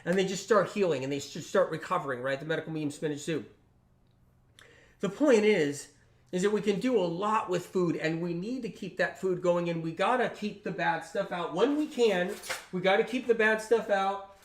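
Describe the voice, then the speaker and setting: A man with a notably high voice talks on a casual livestream. He speaks emphatically and repeats his points, often checking in with tag questions. He slips into lively voices when quoting friends. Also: normal speed. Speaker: health channel host on a livestream.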